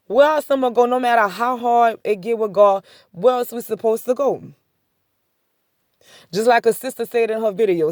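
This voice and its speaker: A woman's voice: medium pitch, a little mellow, no echo, clean studio sound. A woman sharing a casual spoken faith testimony, talking conversationally, repeating herself and chuckling between points. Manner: repetitive, conversational storytelling with many "I said" asides. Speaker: faith vlogger.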